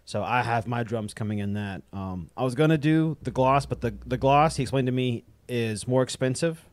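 A man's voice: mid-range voice, normal speed, no echo. A man in casual chat, rambling as he tells a story and acts out the dialogue he quotes. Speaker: drummer and guest.

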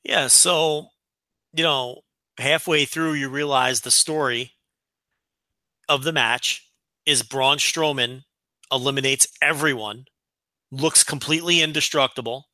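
A man's voice: mid-range voice, steady tone, a little slow, long pauses, bright, forceful tone, no echo. A man hosting a wrestling podcast, giving blunt, profane opinions in casual chat. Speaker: podcast host.

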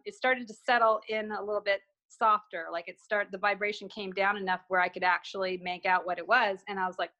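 A woman's voice: mid-range voice, sharp tone, lo-fi sound. A woman guest telling a personal story in conversation, acting out remembered dialogue with frequent restarts.

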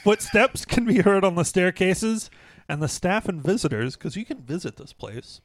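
Man, podcast storyteller, lively pitch, dry close sound. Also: moderate pace, no room sound. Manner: storytelling, animated. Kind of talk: casual comedy podcast chat.

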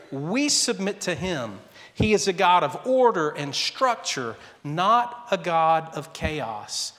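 A man's voice: fairly high pitch, fairly bright tone. Preaching man in an echoing hall. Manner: conversational preaching with anecdotes, varied pace. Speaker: pastor. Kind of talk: sermon.

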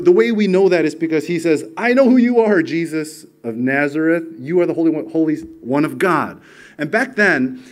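A man preaching a sermon earnestly and emphatically, often dropping to a soft near-whisper. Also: medium pitch.

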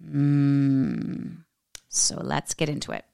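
Low-voiced sassy American woman. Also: drawn-out words, gravelly, clear, resonant tone. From United States. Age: 40s. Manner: animated, sassy, acts out quoted voices. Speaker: podcast host. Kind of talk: casual storytelling monologue.

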